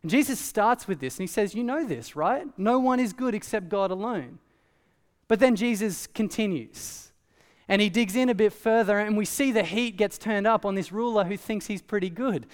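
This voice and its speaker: Male pastor, casual lively preaching; high-pitched, reverberant church hall. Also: moderate pace. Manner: conversational, animated preaching with asides. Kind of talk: sermon.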